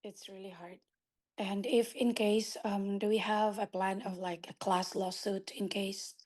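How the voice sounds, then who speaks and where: A woman's voice: mid-range voice, flat delivery, a little slow, darkish tone. A woman from California who is losing her voice asks worried questions over a video call. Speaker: caller with a question.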